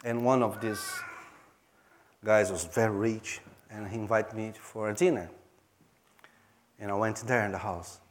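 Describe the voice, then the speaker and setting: A pastor from Brazil, speaking in Portuguese-accented English, tells a story earnestly during a sermon, his phrasing halting and non-native. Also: on the low side, steady tone.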